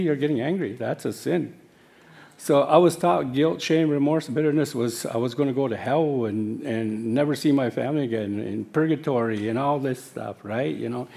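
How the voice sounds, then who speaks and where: Halting older man, gravelly voice. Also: medium pitch, warm tone. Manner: halting, with many fillers and self-corrections. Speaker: speaker sharing his life story. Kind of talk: personal testimony.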